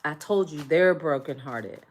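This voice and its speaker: A woman's voice: deep voice, a little slow, background noise. A woman doing a collective tarot reading, speaking emphatically and repetitively straight to her viewers. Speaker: tarot reader.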